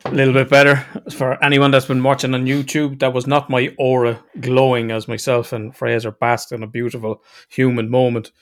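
A man's voice: medium pitch, flat delivery, a little fast, hardly any pauses. A man hosting a podcast, with brief jokey interjections. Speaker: podcast host. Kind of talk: casual chat.

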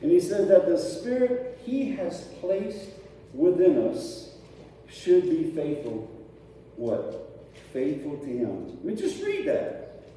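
A man's voice: fairly high pitch, huge pitch swings, takes it slowly, warm tone, far from the mic, slight background noise. A man preaching a sermon to his congregation in a casual, conversational way, often checking in with rhetorical questions. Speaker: pastor. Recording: echoey hall picked up from afar, faint ambience.

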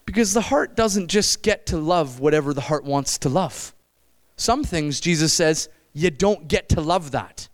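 A middle-aged man preaching at a camp meeting, animated, shifting between loud exclamations and low, intense stretches. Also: unhurried. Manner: acts out quoted voices. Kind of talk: sermon.

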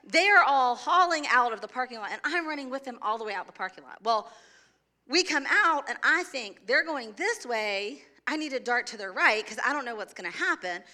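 Bright, high-voiced woman telling a story. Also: normal speed. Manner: lively, laughing, acts out her own shouts. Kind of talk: animated storytelling.

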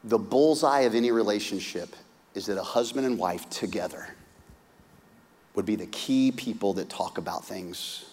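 A man preaching a sermon, retelling a story with lively, humorous asides and acted-out voices. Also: normal speed, breathy edge. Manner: animated storytelling, acting out characters with big pitch swings. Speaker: pastor. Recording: hall reverb.

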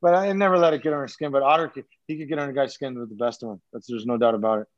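A man's voice: mid-range voice, racing. A man who is a former pro hockey player, telling stories as a podcast guest in a rambling, profane way full of restarts. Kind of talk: casual storytelling. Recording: dull lo-fi sound.

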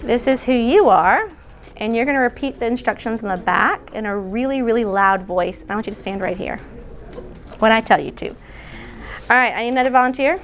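Woman running a lively workshop indoors, directing volunteers, slightly high voice. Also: slight background noise. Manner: chatty, directs volunteers, quick asides. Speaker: workshop speaker. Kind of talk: interactive workshop session. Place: indoor room.

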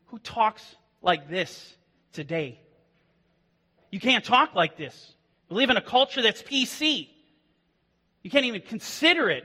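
A man preaching a sermon as pastor, impassioned, swinging from hushed passages to loud declarations. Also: high voice, big pitch swings, normal speed, breathy edge. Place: church. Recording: long reverb of a hall.

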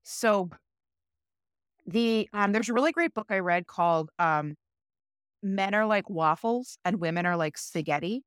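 A woman's voice: medium pitch, a little slow, smooth, dry recording, clean studio sound. A woman co-hosting a casual podcast, chatting freely, swearing and acting out quotes. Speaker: podcast co-host. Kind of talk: casual chat.

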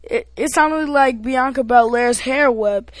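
Higher-pitched woman rambling through a recap. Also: dry recording. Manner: rambling, halting, with many restarts and fillers. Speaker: podcast host. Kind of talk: casual wrestling recap chat.

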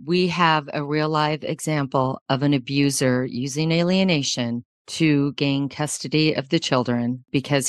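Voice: mid-range voice, dry recording, clean studio sound. An interview host who reacts strongly and reflects the guest's words back in a supportive, emphatic way.

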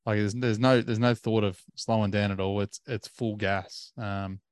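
A man co-hosting a podcast, chatting casually and halting with repeated words. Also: lowish voice, fairly even intonation, smooth, no echo, studio quality. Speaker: podcast co-host. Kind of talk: casual chat.

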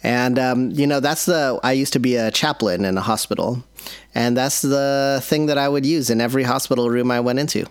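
A man speaks at an ordinary middle pitch, recorded dry and close with no room around him. He chats casually and tells an animated story, acting out the other voices in it. He sounds like a podcast co-host. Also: fairly quick, clean tone, no room sound. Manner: animated storyteller who acts out quotes. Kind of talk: casual chat.

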